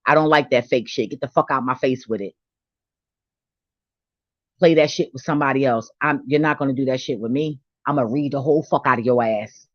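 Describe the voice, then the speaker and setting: A woman's voice: very deep voice, dry recording, highs cut off. A woman delivering a blunt, profane, preachy rant on faith, confrontational and unfiltered, to her own channel. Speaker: vlogger. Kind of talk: ranting spiritual monologue.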